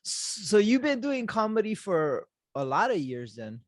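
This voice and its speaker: A man's voice: sits high, sing-song, measured pace, no room sound, clean studio sound. A man hosting a podcast, asking questions in an easygoing, chatty way with lots of fillers and laughter. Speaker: podcast host. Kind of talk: casual interview chat.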